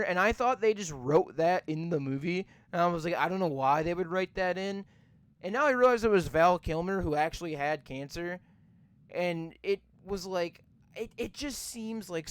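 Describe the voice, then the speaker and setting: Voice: mid-range voice, no echo. A podcast host giving a rambling, profane rant while reviewing a movie. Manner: ranting, profane, rambling with many fillers.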